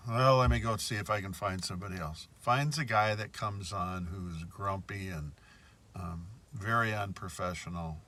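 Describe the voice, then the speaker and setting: Low-voiced indignant man telling a story. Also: moderate pace, sharp tone. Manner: indignant, repeats himself. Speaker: bank customer telling of a complaint. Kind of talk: casual storytelling monologue.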